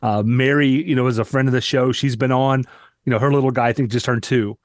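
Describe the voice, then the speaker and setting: Man, podcast host, casual chat, mid pitch, dry sound. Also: steady tone, fast talker, no echo.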